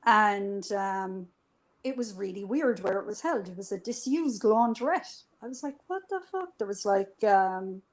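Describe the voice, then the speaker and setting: Recounting events as a guest in a live streamed chat, this woman tells her story casually and conversationally, with plenty of animation. She swears without restraint and takes on the voices of those she quotes, speaking unhurriedly in an ordinary middle pitch. The audio quality is rough.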